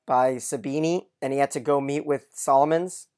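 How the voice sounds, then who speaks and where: A man in a casual podcast chat, walking through a show's scenes and jumping into the characters' lines as he retells them. His voice sits at an ordinary middle pitch. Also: normal speed, clear, resonant tone. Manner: animated storyteller who acts out quoted lines. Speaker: podcast co-host recapping a TV episode.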